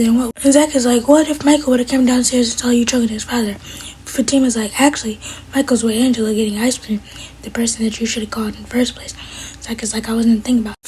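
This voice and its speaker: Woman vlogger recapping a TV episode at a fast clip, slightly high and breathy. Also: warm tone, slight background noise. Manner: quick, breathy retelling with quoted dialogue. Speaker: TV episode reviewer. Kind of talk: casual recap.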